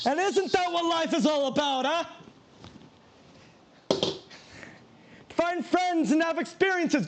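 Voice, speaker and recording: A man with a very high voice streams himself cooking, with slight background noise behind him. He chats casually and rambles, poking fun at himself and laughing a lot.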